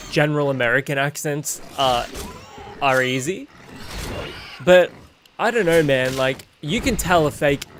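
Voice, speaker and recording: An Australian man streaming a game, chatting in a relaxed way and swearing casually. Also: medium pitch, a little hiss or hum. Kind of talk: casual chat while gaming.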